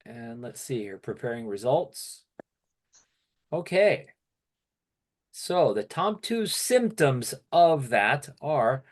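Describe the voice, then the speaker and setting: A man facilitating an online workshop over a video call, steady and peppering his speech with "okay". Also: on the high side.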